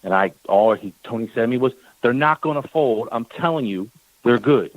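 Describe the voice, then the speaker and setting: Animated man telling a story, dry mic. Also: medium pitch, normal speed, dry recording, narrow, tinny audio. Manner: animated storyteller, acts out quoted exchanges; repeats words when worked up. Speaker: team owner guest. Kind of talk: storytelling on a talk radio show.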